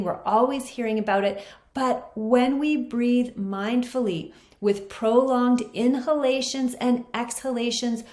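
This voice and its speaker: A woman naturopathic doctor giving an earnest, emphatic teaching talk and repeating her key points. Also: a little high. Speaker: naturopathic doctor hosting a skin health show. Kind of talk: teaching monologue. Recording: roomy echo.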